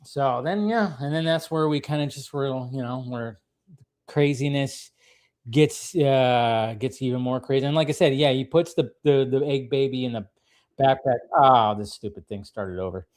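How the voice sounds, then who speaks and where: A man's voice: medium pitch, normal speed, darkish tone. A man co-hosting a casual chat, recapping a cartoon episode, laughing often and acting out the characters' lines. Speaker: podcast co-host.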